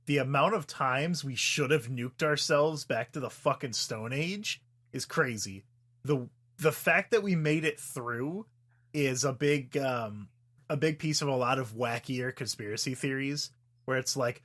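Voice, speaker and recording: A man's voice: medium pitch, a little slow, fairly bright tone. Man making dry sarcastic asides. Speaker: podcast co-host. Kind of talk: casual chat.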